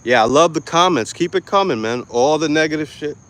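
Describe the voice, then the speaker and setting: A man's voice: on the high side, lively intonation, a little fast, fairly bright tone. A young man from New York City giving a blunt, aggressive commentary full of profanity and street slang. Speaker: online commentator. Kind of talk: ranting commentary.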